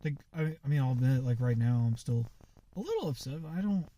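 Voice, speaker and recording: A man venting in a casual monologue, rambling and halting with lots of fillers and frequent swearing. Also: medium pitch, lively intonation, dark tone.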